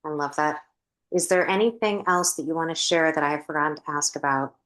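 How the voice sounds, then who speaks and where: A woman hosting a wellness podcast who asks her guest questions gently. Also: low-pitched, brisk. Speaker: podcast host. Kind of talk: interview questions.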